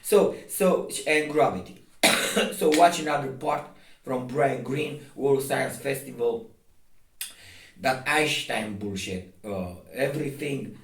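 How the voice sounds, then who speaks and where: A man's voice: medium pitch, slow pace. Man, insistent and repetitive, lots of restarts, echoey room, distant mic. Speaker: video host. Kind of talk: casual explaining to camera. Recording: roomy echo, distant from mic.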